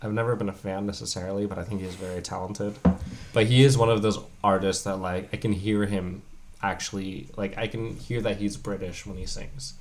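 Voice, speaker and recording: A man co-hosting a casual podcast chat, frank and opinionated, often speaking softly. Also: lowish voice, fairly even intonation, brisk, a little hiss or hum.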